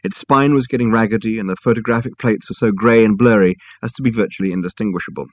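A male narrator reads the story in a steady, measured way. His voice sits low with a husky grain. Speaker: audiobook narrator. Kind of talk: scripted narration.

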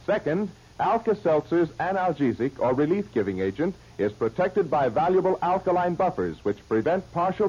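A man's voice: a little high, a little mellow, husky. A man reading a radio advertisement as an announcer, emphatic and persuasive. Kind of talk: radio ad read. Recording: muffled old radio recording.

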